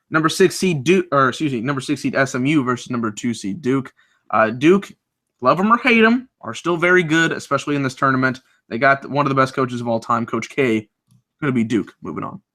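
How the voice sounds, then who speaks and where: Upbeat man with a bright voice. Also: medium pitch. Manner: upbeat, talks through picks with restarts. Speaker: co-host making bracket picks. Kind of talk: casual sports chat. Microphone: video call.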